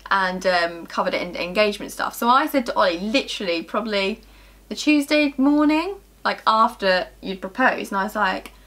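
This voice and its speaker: A woman's voice: medium pitch, moderate pace, fairly bright tone. A young woman, chatting casually on a vlog, giggling and trailing off with ums. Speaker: vlogger. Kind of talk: casual chat.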